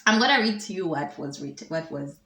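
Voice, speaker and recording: A woman's voice: low voice, animated, brisk, fairly bright tone, a little hiss or hum. A woman chatting in casual commentary, amused and laughing often. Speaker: vlogger. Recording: roomy echo.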